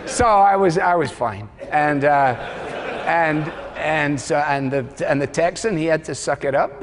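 A male pastor preaching, telling a self-deprecating story with humor and acting out the dialogue in lively bursts. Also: unhurried, in a large hall. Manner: lively, rising to high animated bursts. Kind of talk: sermon.

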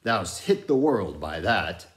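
A superstitious, gloomy old sailor in an audiobook, muttering his thoughts with a wary, slow drawl, as a man puts him on. His pitch moves about a lot. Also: very animated, heavily acted.

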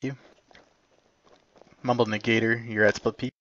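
A man commanding his team in an online game, giving brisk, polite tactical callouts and quick corrections. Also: medium pitch, level tone, a bit bright, dry recording. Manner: brisk, polite, slightly apologetic. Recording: dull lo-fi mic capture.

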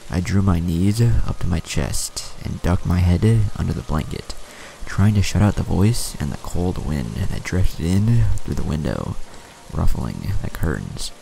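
A man with a gravelly voice giving a slow, steady, scripted horror narration. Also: deep voice, a little hiss or hum. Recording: music playing behind.

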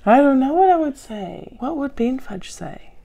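A woman's voice: sits high, big pitch swings, unhurried, vocal fry, warm tone. A woman hosting a comedic question-and-answer video from home, with a dry, sarcastic, self-mocking manner. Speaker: show host answering viewer questions. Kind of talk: deadpan comedic Q&A.

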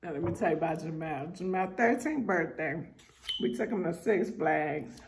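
A woman with a New York accent, telling animated family stories in a casual storytime vlog. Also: low-pitched, normal speed, slight background noise. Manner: animated storyteller acting out voices.

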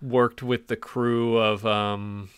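A man co-hosting a podcast in a casual, chatty way, reading trivia notes aloud and joking along. He grew up in the American South. His voice is mid-pitched and sits close and dry, with little room sound. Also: flat delivery, slow, fairly bright tone, clear, resonant tone, no room sound. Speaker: podcast co-host. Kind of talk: casual chat.

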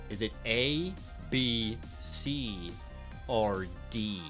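A man's voice: medium pitch, a little slow, a bit bright, soft background music. A young man hosting a mock game show among friends, using a put-on announcer voice and laughing at his own slips.

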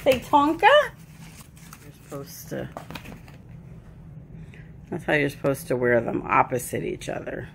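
A woman's voice: very deep voice, wildly swooping pitch, takes it slowly, vocal fry, long pauses, a little hiss or hum. A woman filming her dog and toddler at home, laughing often and talking to them in a sing-song voice. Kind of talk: casual home video chatter.

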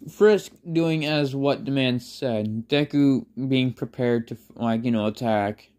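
Brief: rambling, unhurried fan storyteller who keeps correcting themselves, voice mid-pitched. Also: a little mellow. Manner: rambling, many fillers and self-corrections. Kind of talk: improvised fan story narration.

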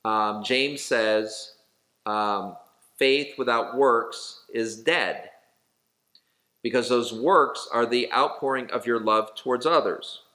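A man's voice: mid-range voice, slow pace, pushed and bright. Pastor man teaching a casual Bible study. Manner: conversational, with fillers and self-corrections.

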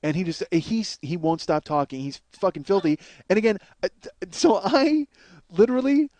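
A man with a notably high voice tells a raunchy personal story as a comedian host. He rambles, swears freely, and keeps repeating and restarting his sentences. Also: lively intonation, moderate pace, a little mellow, no echo. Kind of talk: crude comic storytelling.

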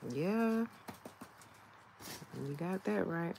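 A woman's voice: deep voice, animated, slow pace, creaky, pauses often, a little mellow, slight background noise. A woman, chatting casually at home while doing her own nails, often laughing and talking to her nails. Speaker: nail vlogger. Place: home, indoors.

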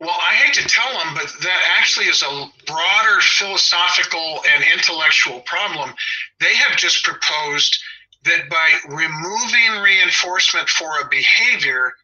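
A man's voice: on the high side, normal speed, sharp tone, slightly rough. A man in his sixties with a Southern Californian accent, a dog trainer talking in a casual chat, opinionated and wry, drifting into side stories. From Los Angeles. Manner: opinionated, wry, digressive storyteller. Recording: dull lo-fi audio.

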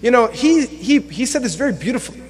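A young man with a high-pitched voice preaches as an imam, animated and conversational, slipping into acted-out quotes for laughs. His voice rings through a mosque hall with a long reverb tail. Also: fast talker. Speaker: imam and lecturer. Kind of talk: sermon.

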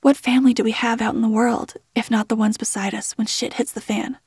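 Woman voicing veteran male squad leader, blunt, gruff, loyal, dry mic. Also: on the high side, level tone, brisk, a little mellow, no room sound. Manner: blunt, calls everyone kid.

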